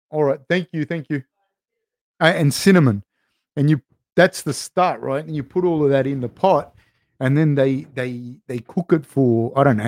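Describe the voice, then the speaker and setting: A man's voice: medium pitch, darkish tone, no room sound. Dry, chatty man telling stories. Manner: loose and chatty, full of "like" and "dude", swears. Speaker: podcast host and coach. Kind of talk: casual chat, rambling storytelling.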